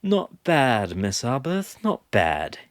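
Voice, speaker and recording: A man doing a blunt, gruff young man. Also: deep voice, expressive, measured pace, a bit bright, dry recording, studio quality, exaggerated voice. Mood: wry. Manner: blunt, clipped.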